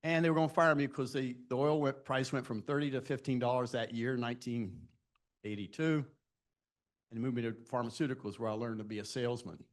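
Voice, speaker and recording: A slightly fast, steady-toned man in his sixties, with a medium-pitched voice, speaks to students live. He spins self-deprecating anecdotes from his career and addresses the audience with direct questions.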